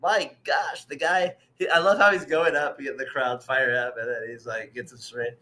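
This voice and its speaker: A man with a bright, clear voice co-hosts a loose baseball chat show. He rambles through his stories, laughing often and slipping into quoted voices. His pitch sits in an ordinary middle range. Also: fairly even intonation, moderate pace. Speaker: co-host. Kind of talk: casual sports chat.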